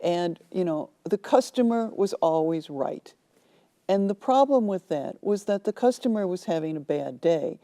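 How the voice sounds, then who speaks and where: Mellow-voiced woman telling stories. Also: fairly low pitch, moderate pace. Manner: animated storyteller, acts out quoted voices. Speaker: author guest. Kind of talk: anecdotal storytelling in a TV interview. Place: TV studio.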